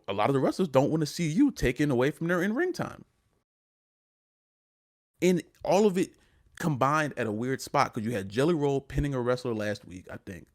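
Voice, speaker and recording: A man co-hosting a wrestling podcast, ranting in casual chat and often repeating his words. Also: mid-range voice. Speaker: podcast co-host.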